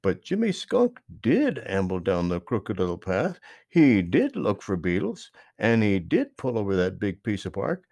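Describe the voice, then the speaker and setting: A man narrating a children's book aloud, with expressive storytelling and lively emphasis. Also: fairly low pitch, measured pace, gravelly, hardly any pauses, dry recording.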